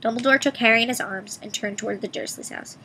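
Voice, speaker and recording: A woman reading a children's story aloud, fairly high with a gravelly edge. She reads expressively, giving each character a voice. A faint hiss sits behind her. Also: fast, sharp tone, low-quality recording. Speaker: reader.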